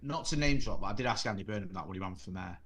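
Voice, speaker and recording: A Mancunian man in his forties, a guest and former reporter, telling rambling, animated stories in casual chat. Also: on the low side, very fast, crowd noise. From Greater Manchester.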